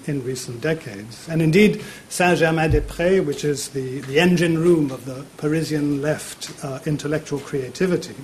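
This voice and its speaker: A man's voice: fairly high pitch, darkish tone, slight background noise. Hesitant man giving a public lecture. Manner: hesitant, many fillers and repeated words. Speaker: university politics lecturer. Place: university lecture theatre.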